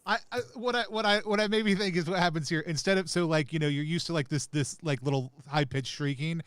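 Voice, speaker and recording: A man at a tabletop game talks in an animated, rambling way. His voice is smooth and slightly high for a man. The sound is dry and close. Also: brisk, no room sound. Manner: animated, rambling, laughs often. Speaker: player. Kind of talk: tabletop role-play chat.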